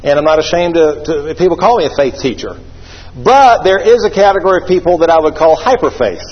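High-voiced preacher in an echoey hall. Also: male voice, a little fast, breathy edge. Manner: animated preaching with congregation call-and-response. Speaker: pastor. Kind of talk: sermon. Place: church sanctuary. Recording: echoey hall, dull lo-fi sound.

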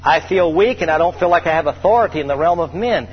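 A man's voice: fairly high pitch, soft background music. Man preaching a sermon in a hall. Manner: preacherly, drawn-out scripture reading, lively storytelling. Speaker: pastor. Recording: dull lo-fi hall recording.

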